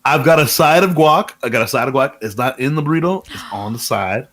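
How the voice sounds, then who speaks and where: A man's voice: medium pitch, expressive, fairly quick, a bit bright. A man co-hosting a casual podcast, playful, throwing in jokey remarks. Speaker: podcast co-host, band member. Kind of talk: casual chat.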